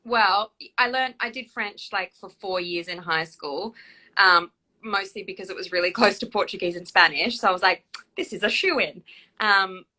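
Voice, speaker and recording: A woman's voice: mid-range voice, normal speed, pushed and bright. A young adult woman chatting enthusiastically on a live video stream as an actress and co-host. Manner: chatty, enthusiastic, laughs often. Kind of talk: casual live-stream chat. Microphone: phone on a live video stream.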